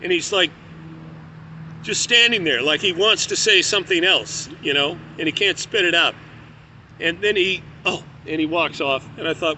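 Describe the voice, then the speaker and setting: A man recounts a personal story in a loose, conversational way, cursing as he goes. His voice sits high and rings very bright and sharp, with faint street and traffic noise behind him. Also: moderate pace. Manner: candid, profane, conversational. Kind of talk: casual spoken storytelling.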